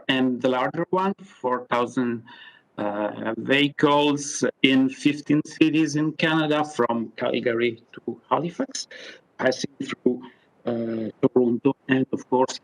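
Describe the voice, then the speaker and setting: A man speaking English as a second language, giving a halting statement as a delegate on a remote video call to a council committee, with many fillers and restarts. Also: mid-range voice, poor audio. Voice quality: non-native English speaker.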